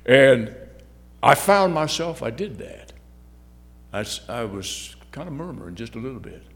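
Male lay preacher, mid pitch, halting and repetitive delivery, long hall reverb. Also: lively intonation. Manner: halting, repeats words, swings loud and soft. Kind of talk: sermon.

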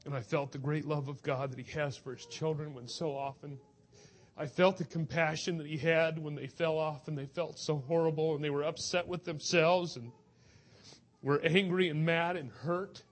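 Earnest preacher, slightly high-voiced man. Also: fairly even intonation, moderate pace. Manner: earnest, emotional, urging. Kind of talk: sermon.

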